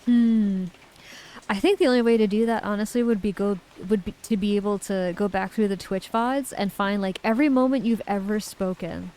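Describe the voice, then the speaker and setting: A woman's voice: medium pitch, steady tone, moderate pace, dark tone, low-quality recording. A woman streamer in casual chat, reading viewer messages aloud and giggling often.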